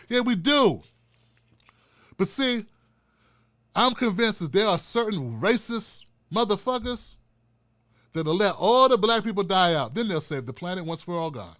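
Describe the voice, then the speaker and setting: A man's voice: sits high, expressive, moderate pace, pauses often, sharp tone. An older man hosting a profane, fiery political rant with a preacher-like cadence. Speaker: political commentator host. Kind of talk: ranting political commentary.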